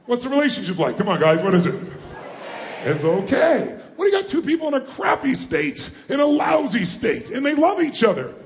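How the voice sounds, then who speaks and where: A man giving a motivational seminar, rallying a live audience with questions and call-and-response, often shouting. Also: extremely high pitch, huge pitch swings, fast talker, hardly any pauses. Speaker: motivational speaker. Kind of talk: live seminar address to a crowd. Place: large event hall with a live audience. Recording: echoey hall, faint ambience.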